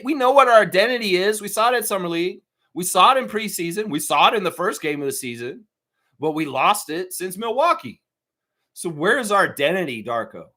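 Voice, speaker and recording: A man hosting a live fan show, ranting with lots of swearing and mocking impressions of other fans. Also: on the high side. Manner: profane, animated ranting with mocking put-on voices. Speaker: sports podcast host.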